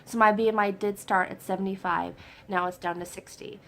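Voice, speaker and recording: Young woman, casual vlog, excited and chatty, getting over a cold, mid-pitched voice, faint background hiss. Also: brisk, gravelly. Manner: excited, chatty, lots of fillers. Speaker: vlogger. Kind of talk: casual personal update.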